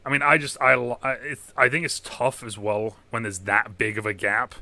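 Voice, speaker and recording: A man's voice: medium pitch, flat delivery, normal speed, pushed and bright, dry recording. A man hosting a podcast, chatting casually about movies, rambling and swearing freely. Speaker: podcast host.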